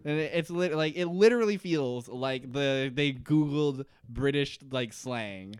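A man's voice: mid-range voice, unhurried, smooth, no echo. Laughing, joking podcast man. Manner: jokey, laughing, acting out characters' lines. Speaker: podcast co-host. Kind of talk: casual chat recapping a TV episode.

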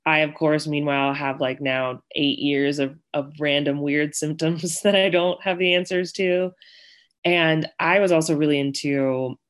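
A woman's voice: low voice, fairly even intonation, measured pace. Young woman guest, chatty storyteller, filler-heavy, slips into quoted voices. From Connecticut and Virginia, US. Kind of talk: casual storytelling interview.

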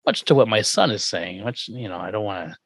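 A man casually recapping an old sitcom episode with co-hosts, acting out characters' lines in quick put-on voices and laughing often. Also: on the low side, expressive, a bit bright, no echo, studio quality. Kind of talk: casual chat.

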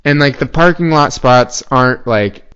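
A man's voice: medium pitch, normal speed, a bit bright, clean tone. A young man telling a rambling story in casual podcast chat, full of filler words and swearing. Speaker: podcast co-host. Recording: dull lo-fi podcast audio.

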